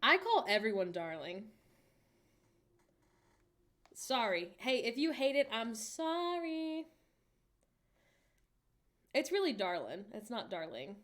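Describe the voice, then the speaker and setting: A woman in her late twenties, hosting a livestream in a casual, candid chat and reading viewer messages aloud with animated asides. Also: medium pitch, a little slow, long pauses. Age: late 20s. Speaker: livestream host.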